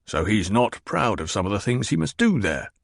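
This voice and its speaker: A man's voice: lowish voice, sing-song, normal speed, gravelly, dry recording, studio quality, exaggerated voice. A man voicing a fat, pompous and petulant old baron who blusters and demands answers. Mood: demanding.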